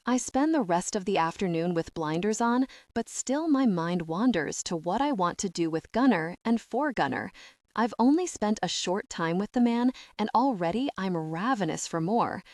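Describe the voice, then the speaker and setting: A woman narrating a first-person romance audiobook in a steady, even reading manner. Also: mid-range voice, moderate pace, no echo, studio quality.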